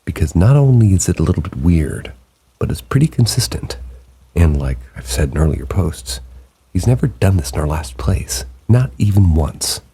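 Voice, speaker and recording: A man with a very low, gravelly voice reads true ghost encounters in a slow, hushed late-night way. His tone is dark and husky. Steady rain falls in the background. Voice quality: very deep gravelly voice. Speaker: narrator reading submitted stories. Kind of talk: scripted narration of stories. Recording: rain sounds behind the voice.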